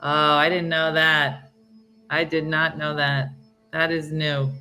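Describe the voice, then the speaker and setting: Low, unhurried woman hosting a show. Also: little pitch movement, over music. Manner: playful, laughing, stumbling over foreign words. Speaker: host of a morning show. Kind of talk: casual live-stream chat.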